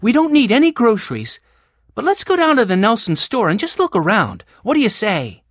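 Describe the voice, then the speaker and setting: A woman doing a practical, motherly older sister from a storybook, brisk and organizing, pitched a little high. Very lively voice, dry close sound. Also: no room sound.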